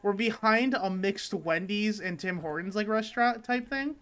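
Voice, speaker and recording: A man's voice: high-pitched, moderate pace, fairly bright tone. A young man co-hosting a casual chat, telling rambling stories full of fillers and swearing. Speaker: podcast co-host.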